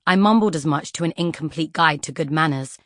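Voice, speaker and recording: A woman narrating a children's fantasy audiobook in an expressive storytelling style. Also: low voice, brisk, no room sound, studio quality. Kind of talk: scripted children's book narration.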